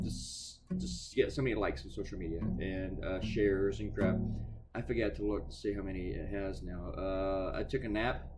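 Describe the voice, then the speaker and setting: A man talking casually while he works, chatty and sarcastic, swearing freely and often restarting his sentences. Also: on the low side. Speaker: cartoonist talking while drawing. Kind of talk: casual rambling monologue.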